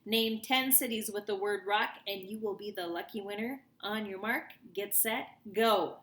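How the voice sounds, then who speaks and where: A woman voicing a boisterous adult male radio DJ with loud, hyped announcer patter. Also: medium pitch, measured pace, close to an everyday voice. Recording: roomy echo.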